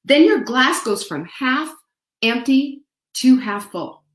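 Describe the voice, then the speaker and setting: Speaking slowly in a high voice with lively intonation, a woman hosts a motivational show from an echoey room. She keeps the tone upbeat, playful, and chatty toward viewers, dropping into sung fragments and voice impressions.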